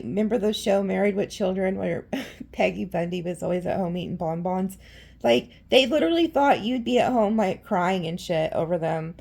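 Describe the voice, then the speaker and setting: Woman tarot reader, casual and blunt, raspy with vocal fry; rambles and curses freely. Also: a little high, darkish tone. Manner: chatty and blunt, swears freely; rambling, with frequent restarts.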